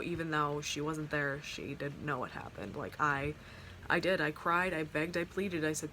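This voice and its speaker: A young woman talks straight into her phone camera at home, pouring out a personal story in loose, rambling sentences with plenty of "like" and restarts. Her voice sits a little low for a woman, and there is faint background noise from an open window. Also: normal speed, sharp tone. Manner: rambling, heartfelt storytelling with many fillers and restarts. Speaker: vlogger. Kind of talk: casual storytime vlog.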